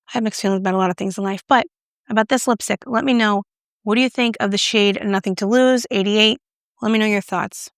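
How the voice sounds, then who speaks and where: Chatty woman with a gravelly edge. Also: mid-range voice, steady tone, brisk, dry recording, clean studio sound. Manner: chatty, self-mocking, talks while applying makeup. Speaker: beauty vlogger. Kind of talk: casual makeup review to camera.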